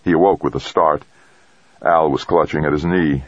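A man narrating an audiobook in a measured, solemn storytelling manner. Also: extremely low pitch, steady tone, slightly rough, no echo. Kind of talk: scripted narration. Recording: dull lo-fi dry recording.

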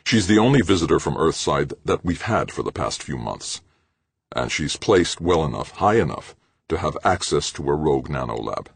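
A man voicing a calm, deductive male investigator. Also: rumbling low, normal speed, creaky, breathy edge, no room sound, full character voice. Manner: calm and explanatory.

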